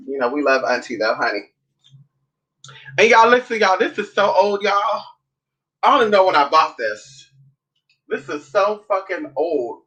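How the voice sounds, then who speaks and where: A woman's voice: medium pitch, a bit bright, low-quality recording. A woman vlogging at home, chatting to her viewers in a sassy, profane way and calling them girl and honey. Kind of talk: casual chat to camera.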